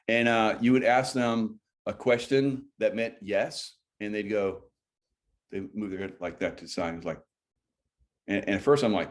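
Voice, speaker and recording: A man's voice: fairly low pitch, normal speed. A middle-aged man chatting casually on a livestream, rambling and often breaking off mid-sentence. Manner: rambling, chatty, self-interrupting. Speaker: livestream host. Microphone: phone or computer mic.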